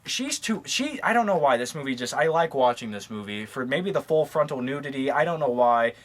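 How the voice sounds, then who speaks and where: A man casually touring his movie collection, talking quickly and offhandedly, cracking crude jokes and losing his train of thought. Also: mid-range voice, animated. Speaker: movie reviewer. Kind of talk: casual rambling collection tour.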